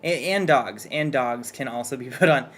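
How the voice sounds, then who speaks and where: Man, casual chat, nervous rambler, mid pitch. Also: normal speed, fairly bright tone. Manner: rambling, hesitant, nervous restarts. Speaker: streamer's partner and guest artist.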